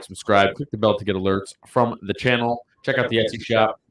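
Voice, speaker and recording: A man co-hosting a casual bowling podcast, rambling with many fillers and laughing often. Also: fairly low pitch. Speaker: podcast co-host.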